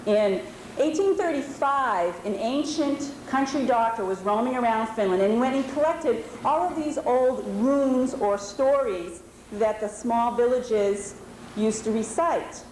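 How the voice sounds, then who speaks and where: A New England woman in her forties, speaking in a fairly high, darkish voice at an unhurried pace, presents at a historical society meeting. Her talk is informal and explanatory, conversational and sprinkled with fillers. It was recorded in an indoor lodge meeting hall, roomy-sounding with faint background noise.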